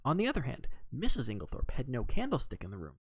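A man reading aloud, voicing a fussy, precise elderly male detective who talks in a brisk, exacting way with French phrases. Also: mid-range voice, wildly swooping pitch, husky, dry recording, full character voice. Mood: musing.

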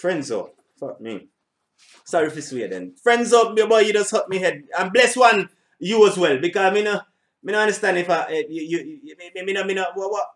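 A man's voice: high voice, animated, brisk. A middle-aged man, hosting a reaction video in a rambling, casual way, repeating himself and swearing now and then. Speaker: reaction channel host.

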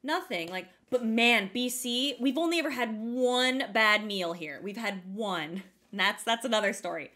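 A young woman with a high, bright voice tells a story on a podcast. She swears freely, fills her talk with "like," and acts out what everyone said. It is loose, casual chat. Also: moderate pace, hardly any pauses. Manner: animated, sweary, full of "like" and acted-out quotes. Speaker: podcast co-host.

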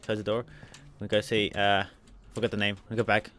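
A man's voice: lowish voice, level tone, a little fast, a bit bright. A man commentating a video game as he plays, narrating every move, spelling out letters and repeating himself. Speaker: let's play gamer.

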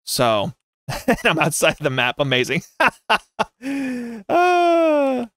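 Excitable giggly young man gaming. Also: on the high side, slow pace, dry recording. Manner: excitable, giggly, squeals and shouts in bursts. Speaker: gaming YouTuber. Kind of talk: live gameplay commentary.

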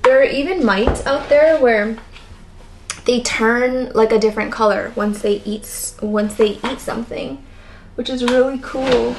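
A woman with a raspy, tired voice and constant vocal fry, chatting casually in a plant vlog. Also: on the high side, noisy background. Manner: chatty, rambling, lots of "like". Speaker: plant vlogger. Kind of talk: casual chat while potting plants.

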